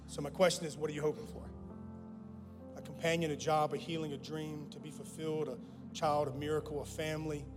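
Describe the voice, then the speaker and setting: A male guest pastor preaching a sermon, impassioned, repeating phrases and swinging from loud declarations to low, quiet lines. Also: little pitch movement, fairly quick. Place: church sanctuary. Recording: long hall reverb with music underneath.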